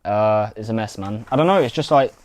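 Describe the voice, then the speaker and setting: A young man, co-hosting a podcast with relaxed, teasing banter that often trails off. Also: on the low side, brisk. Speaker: podcast co-host. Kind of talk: casual chat.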